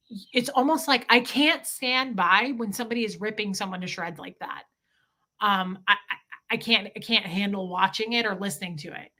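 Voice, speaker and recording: A woman's voice: on the high side, sharp tone. A woman in her forties, candidly chatting with viewers on a livestream, talking straight to chat. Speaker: livestream host.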